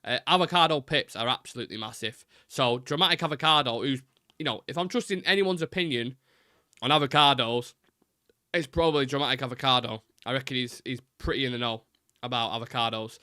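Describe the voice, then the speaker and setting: A man's voice: medium pitch, fairly quick, bright, forceful tone, dry recording, studio quality. A man hosting a live football fan stream, chatting casually and rambling, swearing now and then.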